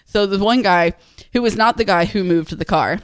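A woman co-hosting a podcast tells a story in casual conversation, laughing often and acting out what people said with animation. Her medium-pitched voice is smooth at a moderate pace, in a dry recording.

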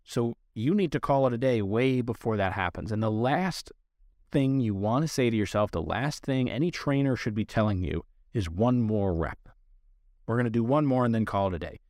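A man's voice: mid-range voice, normal speed, darkish tone, no echo, studio quality. A man who trains dogs, explaining training rules to listeners in an earnest, direct instructional way. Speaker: dog trainer. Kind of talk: instructional podcast talk.

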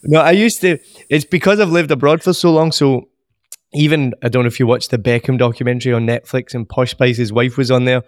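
A man in his forties from Scotland with a soft Glaswegian accent, a comedian guest telling stories slowly and carefully in a podcast interview. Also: medium pitch, steady tone, dry recording, clean studio sound. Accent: soft Glaswegian Scottish. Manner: slow, carefully enunciated storytelling.

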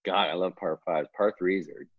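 A man's voice: low voice, normal speed, no room sound, phone-quality sound. A middle-aged man, a golf coach telling stories in casual chat and acting out what other people said. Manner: animated, acts out quoted voices.

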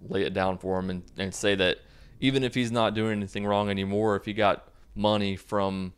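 A man casually recapping a movie in a sarcastic, deadpan way, swearing freely. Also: lowish voice, a little fast, smooth. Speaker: video host recapping a movie.

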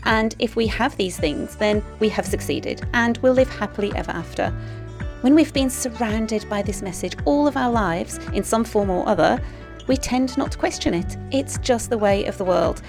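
A woman hosting a podcast, earnestly reading her intro and then chatting warmly with a friend, cheering her on and laughing often. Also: a little high, lively intonation, normal speed, vocal fry, faint music behind. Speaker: podcast host. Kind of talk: scripted intro, then casual chat.

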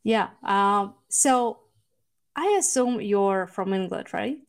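A middle-aged woman hosting a podcast interview, talking in a halting way with pauses and restarts as she searches for words. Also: mid-range voice, smooth. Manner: halting, searching for words, non-native phrasing. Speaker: podcast host. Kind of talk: casual interview.

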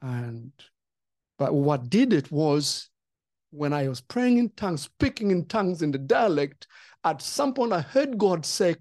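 A pastor sharing a testimony in a podcast conversation, animated and acting out the voices in the story. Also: medium pitch, normal speed, dry recording, studio quality. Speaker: pastor and co-host.

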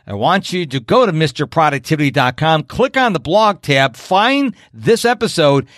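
A man from upstate New York hosting a podcast, talking in a high-energy, jokey, animated way. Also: dry recording, studio quality. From Rochester, New York. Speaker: podcast host. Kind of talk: casual interview chat.

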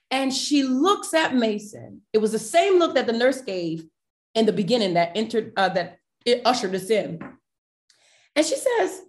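A woman, a podcast guest, telling a personal family story with feeling and acting out the dialogue. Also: a little high. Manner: emotional, animated retelling with quoted dialogue.

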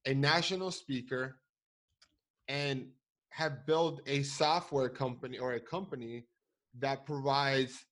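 A man's voice: mid-range voice, slow, a bit bright. A man hosting an interview, asking long, eager, leading questions. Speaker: podcast host. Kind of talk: casual interview.

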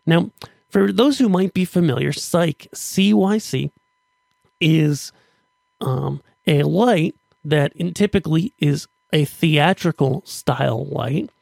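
Upbeat gravelly-voiced man hosting a podcast. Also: takes it slowly, a little mellow, no echo, clean studio sound. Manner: upbeat, chatty, with restarts while pitching offers. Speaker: podcast host. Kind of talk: casual podcast monologue.

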